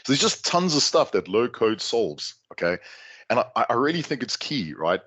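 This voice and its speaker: A middle-aged South African man giving a lively, joking talk to an online audience. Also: mid-range voice, normal speed. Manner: lively, jokey, chatty asides. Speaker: guest speaker. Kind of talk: conference talk on a video call.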